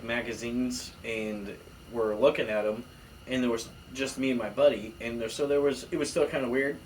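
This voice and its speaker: A man in his thirties tells stories on a casual podcast, and he acts out every quoted line with sudden leaps up in pitch. His voice sits in the middle range. He is heard from some way off the mic, with a faint hiss behind him. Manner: animated storyteller, acts out quotes with jumps in pitch. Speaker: podcast co-host. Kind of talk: casual storytelling chat. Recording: distant mic with faint room noise.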